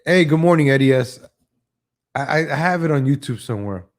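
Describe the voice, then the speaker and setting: A man's voice: medium pitch, lively intonation, fairly quick. A man hosting a live online show, ranting in a casual, sarcastic way, often repeating his first words and mocking people in exaggerated voices. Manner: opinionated, sarcastic, jumps between topics; mocks others in exaggerated voices.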